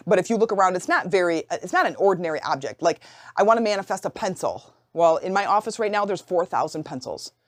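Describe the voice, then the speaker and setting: A woman's voice: lowish voice, a little mellow, dry recording, clean studio sound. A woman hosting her own podcast, coaching listeners in a casual, playful way and acting out quoted inner voices. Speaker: podcast host and life coach. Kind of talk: casual solo podcast teaching. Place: home office.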